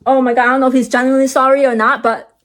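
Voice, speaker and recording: A young woman recounts a story in a loose, rambling vlog style. Her voice sits a little high and is full of fillers and restarts. She swings into bursts of animated, high-pitched energy. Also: racing. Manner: animated, jumps high when excited. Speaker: vlogger.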